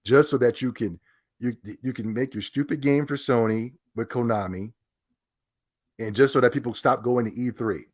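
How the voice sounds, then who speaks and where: A man's voice: medium pitch, normal speed, darkish tone. A man giving a ranting gaming commentary, indignant and sarcastic in a mocking way.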